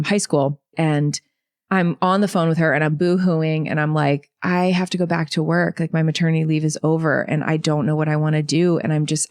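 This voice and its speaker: A woman in her thirties, a podcast guest, telling her life story in a lively, chatty way full of asides. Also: low-pitched, dry recording, studio quality. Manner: animated, quick storytelling with many likes and you knows. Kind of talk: storytelling in an interview.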